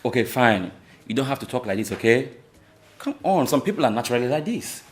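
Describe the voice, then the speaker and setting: A man acting as the groom's calm Nigerian friend, placating in a lively voice. He is heard from far off in a very echoey room. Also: mid-range voice, brisk, close to an everyday voice. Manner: soothing, placating.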